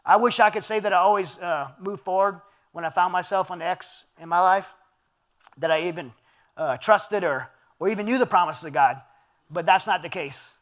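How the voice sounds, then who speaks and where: A man in his forties giving a conversational sermon as guest speaker at a men's dinner. He tells the story with earnest feeling and drops to a low, quiet voice on personal points. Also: moderate pace. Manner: earnest, storytelling delivery with scripture readings.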